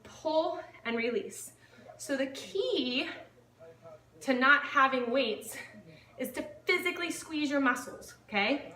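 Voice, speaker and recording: A woman's voice: high voice, lively intonation, slow, pushed and bright, reverberant, recorded from a distance. A woman fitness instructor leading a home workout, upbeat and counting reps aloud, a little out of breath as she exercises along. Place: home living room.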